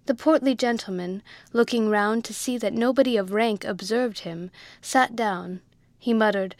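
A woman reads a classic novel aloud at a measured, even pace, with her voice in a middle range. The recording is close and completely dry, with no room sound. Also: mid-range voice, dry recording. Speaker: audiobook reader. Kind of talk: scripted narration.

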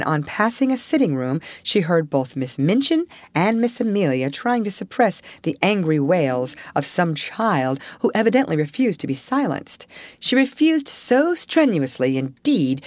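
A woman narrating a story as an audiobook, in an expressive storytelling manner. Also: deep voice, no echo.

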